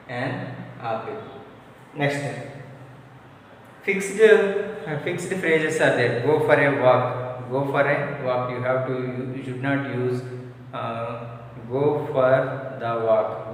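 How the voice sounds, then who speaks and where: Slow-talking male teacher. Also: medium pitch, far from the mic, a little hiss or hum. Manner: repetitive, drilling examples aloud. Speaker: English teacher. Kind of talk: classroom grammar lesson. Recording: echoey hall, recorded from afar.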